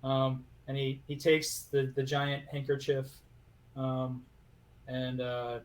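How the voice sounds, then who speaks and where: A man narrating a tabletop game as game master, halting and full of fillers. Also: medium pitch, completely flat delivery.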